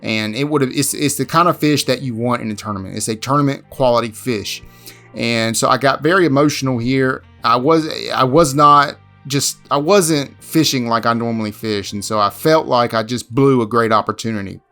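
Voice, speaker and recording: A man narrating a voice-over recap of his own fishing tournament, halting and repeating words as he restarts. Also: mid-range voice, fairly bright tone, soft background music. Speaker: fishing vlogger.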